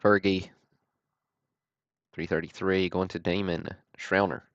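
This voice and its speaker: Deep gravelly man, slow and dull-toned. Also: no echo. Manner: steady, matter-of-fact listing with dry self-deprecating asides. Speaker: host of a card-break livestream. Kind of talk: calling out trading cards on a livestream.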